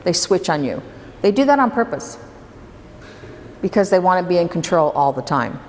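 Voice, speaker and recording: A woman with a fairly low voice gives a workshop talk to a live audience, chatting and firing questions at the room. Her voice rings with a long hall reverb, and a faint room hum sits under it. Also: big pitch swings, normal speed, darkish tone. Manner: conversational, poses questions to the audience. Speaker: workshop presenter.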